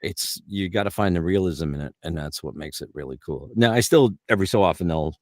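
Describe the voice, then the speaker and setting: Deep, low middle-aged male guest, chatty and rambling, dry close sound. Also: brisk, dry recording. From Canada. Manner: animated anecdotes with lots of restarts and fillers. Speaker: guest voice actor. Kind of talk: casual interview storytelling.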